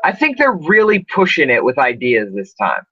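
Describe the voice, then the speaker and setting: A man's voice: mid-range voice, huge pitch swings, normal speed, fairly bright tone, breathy edge, dry recording, lo-fi sound, faint music behind. A man hosting a casual podcast chat, rambling with lots of fillers and restarts. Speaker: podcast host.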